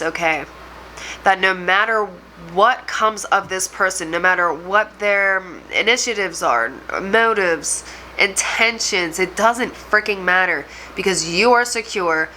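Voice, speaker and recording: A woman's voice: mid-range voice, sharp tone, slight background noise, low-quality recording. A woman tarot reader addressing viewers directly, talking in an emotional, rambling way. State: choked up. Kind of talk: channeled tarot reading to camera.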